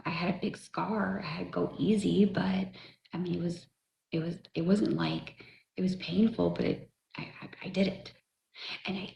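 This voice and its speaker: A middle-aged woman livestreaming, chatting and rambling as she tells a personal story, swearing freely and often dropping to a breathy near-whisper. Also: fairly low pitch, darkish tone. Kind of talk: casual storytelling to viewers. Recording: echoey room with faint noise.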